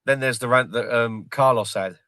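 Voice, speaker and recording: A man hosting a casual livestream, joking, swearing and excitedly retelling film scenes. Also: medium pitch, normal speed, no echo. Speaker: livestream host.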